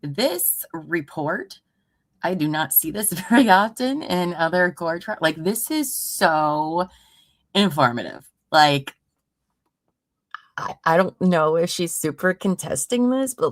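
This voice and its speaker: Reading an investigative report aloud from a room at home, this woman true crime streamer keeps breaking off into sarcastic, fed-up asides. Her voice is low and deep, animated yet slow, and the audio is close and dry with no echo.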